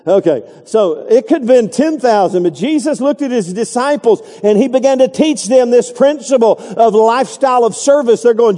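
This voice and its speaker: A man's voice: very high-pitched, expressive, normal speed, hardly any pauses, dark tone, big-room sound. A middle-aged man preaching a folksy, digressive sermon, acting out quotes along the way. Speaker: pastor.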